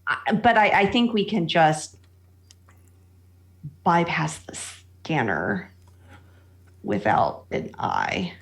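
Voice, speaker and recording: Slow, lively-voiced woman player. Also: low-pitched, creaky. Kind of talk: casual tabletop play.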